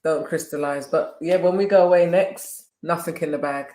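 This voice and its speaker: London guy in his 40s, chatty co-host, laughs a lot, bit high voice, echoey room. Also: steady tone, normal speed, darkish tone. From England. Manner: chatty, laughing, repeats phrases. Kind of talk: casual chat on a live stream.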